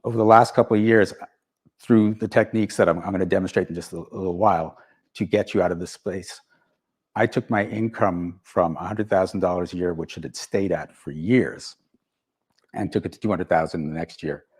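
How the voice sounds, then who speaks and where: A man's voice: deep voice, fairly quick, breathy edge. A man giving a motivational talk to an audience, telling stories and acting out both sides of conversations. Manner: storytelling, animated, acts out both sides of dialogues. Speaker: speaker.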